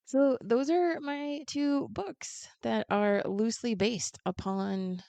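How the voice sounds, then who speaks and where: A woman chatting casually as a podcast guest, retelling a picture book in an animated way and playing the characters' lines in quick asides. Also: fairly high pitch, gravelly, dry recording.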